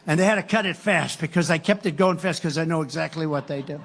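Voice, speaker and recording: A man with a gravelly, slightly raised voice working through a campaign rally speech. He rambles and circles back on the same phrases. He drops sarcastic asides as he goes. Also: fairly high pitch, fast talker, fairly bright tone, slight background noise. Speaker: political candidate. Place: live rally.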